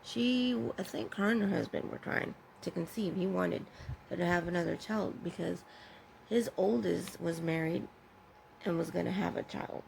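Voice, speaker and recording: A woman talks through a personal story in a vlog, in a candid and halting way. Her voice is full of vocal fry and sounds deeply gravelly. Faint noise sits behind her. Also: a little mellow, poor audio. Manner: halting and candid, with pauses and self-corrections. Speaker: vlogger sharing her own story.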